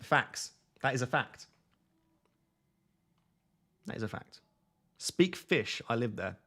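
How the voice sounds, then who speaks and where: A man's voice: medium pitch, very animated, slow, a bit bright. A man hosting a live fantasy football stream from home at night, reading chat aloud in a jokey, self-mocking way.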